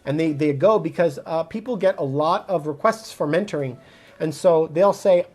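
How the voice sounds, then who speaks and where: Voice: mid-range voice, normal speed, a little mellow. A realtor from Montreal, Canada, answering viewers' comments on a phone livestream in a direct, casual, motivational way. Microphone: phone mic.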